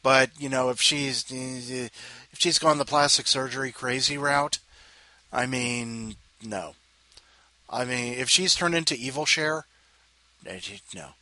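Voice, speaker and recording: Between readers, the male host keeps up rambling casual chat full of self-interruptions, jokey asides and frequent apologies. His mid-range voice is pushed and bright, his pace measured, and there's no echo.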